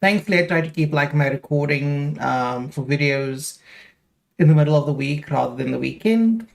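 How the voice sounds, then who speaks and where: A man's voice: fairly high pitch, moderate pace, gravelly. A young man chatting casually on a live stream, rambling with lots of fillers as he talks straight to his viewers.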